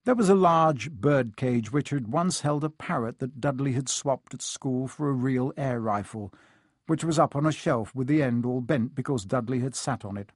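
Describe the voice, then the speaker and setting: A man narrates a storybook with measured, expressive pacing. His voice sits at a middle pitch. It is dry and close with no room sound. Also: no echo. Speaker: audiobook narrator.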